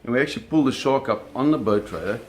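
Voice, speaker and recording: A man's voice: medium pitch, fast talker, darkish tone, slight background noise. A man telling a vivid personal story in a casual way, cursing freely and acting out the sounds and scenes. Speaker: storyteller recounting a personal experience.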